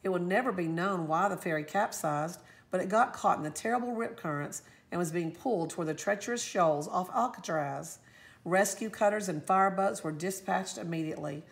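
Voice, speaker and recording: A woman teacher reading a storybook aloud with expressive, lively storytelling. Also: on the low side, fairly quick, creaky.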